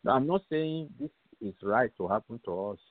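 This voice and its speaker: A man's voice: medium pitch, animated, normal speed, dry recording. A man hosting a radio show, preaching emphatically, repeating phrases and asking rhetorical questions. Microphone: phone call-in line. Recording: tinny, dry phone line.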